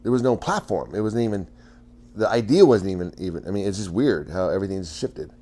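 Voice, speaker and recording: A man's voice: low-pitched, lively intonation, a little fast, mellow. A man hosting a casual livestream, chatting with viewers in a rambling way, often stammering, restarting and laughing.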